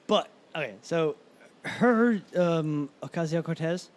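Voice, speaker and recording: Brief: man, voice a bit high, rambling casual banter, lots of restarts. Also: slow pace. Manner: rambling, stumbling restarts, laughs often. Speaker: podcast co-host. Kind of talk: casual chat.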